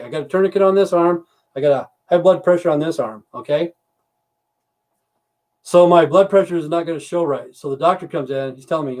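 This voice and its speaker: A fairly high-pitched, darkish voice belongs to a US man in his fifties or sixties chatting with viewers on a home livestream. Captured on a computer mic, his casual rant is blunt, rambling and laced with profanity.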